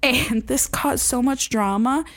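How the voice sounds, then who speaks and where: A woman's voice: high-pitched, a little slow. A young woman, a former camp counselor, telling a story in casual chat, swearing freely and acting out quotes.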